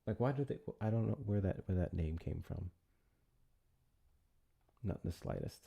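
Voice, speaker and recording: A man with a deep voice hosts a casual livestream and talks straight to his viewers. He rambles loosely, drops swear words, and moves from one thought to the next without much plan. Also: expressive, moderate pace, creaky, slightly rough, narrow, tinny audio. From United States. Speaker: livestream host.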